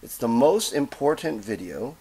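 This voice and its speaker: A man's voice: medium pitch, big pitch swings, normal speed, mellow. Rambling man in a casual vlog. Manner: rambling, digressive, with frequent "okay?" check-ins. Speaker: vlogger and self-styled reverend. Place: Texas.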